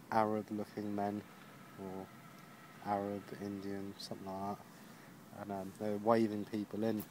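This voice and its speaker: Tired man rambling outdoors, low voice. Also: a little mellow. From Jersey. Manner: rambling storytelling, lots of "and I was like". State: tired after a long ride. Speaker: touring cyclist vlogger. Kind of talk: casual spoken video diary. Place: outdoors at a roadside camp. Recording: noisy outdoor camera recording.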